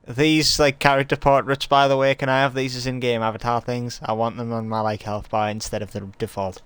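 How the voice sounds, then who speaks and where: A man's voice: mid-range voice, level tone, brisk, hardly any pauses, a bit bright, clear, resonant tone, no room sound. A man tired from work, reading a story on a live stream and breaking off with chatty, sweary asides.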